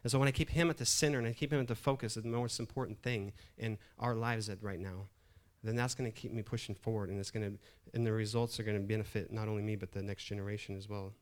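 A man's voice: fairly low pitch, steady tone, fast, few pauses. A middle-aged man preaching a sermon in a conversational way, often restarting phrases and building emphasis. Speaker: pastor.

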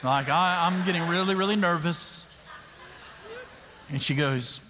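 A man, a pastor, telling a self-mocking story in a sermon, animated and full of restarts. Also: a little high, unhurried, long pauses. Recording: echoey hall with background noise.

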